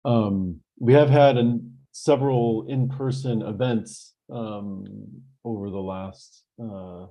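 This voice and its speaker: A man chairing a virtual meeting, halting and full of fillers, over a video call. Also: on the low side, dark tone. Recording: dull lo-fi call audio.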